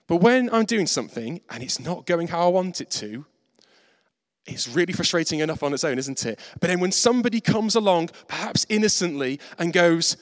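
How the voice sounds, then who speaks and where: A man preaches a sermon in a fairly high voice with a very lively pitch, and his words ring through a reverberant hall. He is animated and pokes fun at himself, slipping into quoted voices as he tells his stories. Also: normal speed. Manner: animated, acts out quoted voices, self-mocking.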